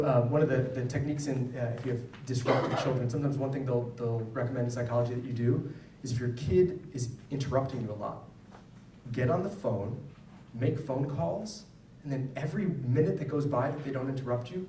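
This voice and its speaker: A man's voice: mid-range voice, distant mic, background noise. Man lecturing in an echoey hall. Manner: conversational, frequent "right?" check-ins. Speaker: psychologist giving a talk to parents. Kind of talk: lecture to an audience. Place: school hall with an audience.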